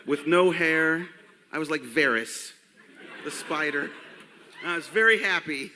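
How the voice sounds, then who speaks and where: On a convention stage before a crowd, a man in his forties hosts a comedic panel through a handheld mic, telling crude, rambling jokes. His fairly high voice is sharp, unhurried, cracking and unsteady, with a long reverb tail and slight background noise.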